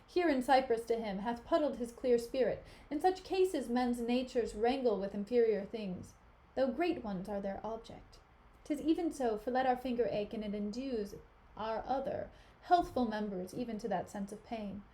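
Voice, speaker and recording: Desdemona, an earnest young noblewoman, pleading and sincere, read by a woman. The voice is her natural reading voice, a touch high, with no put-on character. It sounds like an informal live read-through. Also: normal speed, dark tone, close to an everyday voice. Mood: troubled.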